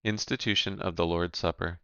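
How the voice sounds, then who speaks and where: A man giving a measured, even reading of Bible scripture, announcing each section heading. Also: sits low, creaky, smooth, no echo, muffled recording. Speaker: scripture reader.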